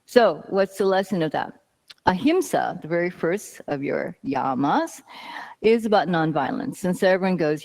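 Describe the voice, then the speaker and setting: A woman's voice: on the low side, animated, normal speed, gravelly, a little mellow. A woman teaching a yoga class, talking casually and telling a story with asides.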